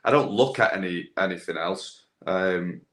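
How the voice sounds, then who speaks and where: A man's voice: low-pitched, moderate pace, fairly bright tone. A young man chatting casually as a podcast guest, rambling with lots of fillers and restarts. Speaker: guest, landscaping business owner with a social media following. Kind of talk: casual chat.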